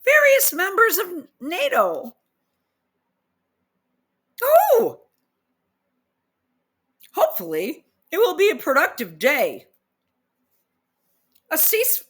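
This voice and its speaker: A woman with a bright, fairly high voice rants in exasperated disbelief while reading posts aloud. She talks slowly and deliberately, her pitch leaping high in incredulity as she picks apart each grammar mistake in casual commentary.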